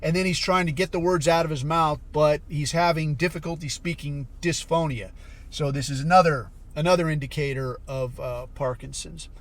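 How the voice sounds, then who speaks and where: A man's voice: a little high, fairly even intonation, moderate pace. A man hosting a podcast, ranting in a blunt, profane and sarcastic way. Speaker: podcast host. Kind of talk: casual commentary rant.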